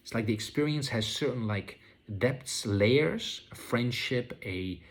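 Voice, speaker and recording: A man talking slowly and reflectively about his spiritual experiences, pausing often and restarting his sentences. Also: mid-range voice, animated. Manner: slow, searching, full of fillers and restarts. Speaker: vlogger sharing spiritual experiences. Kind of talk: reflective casual monologue.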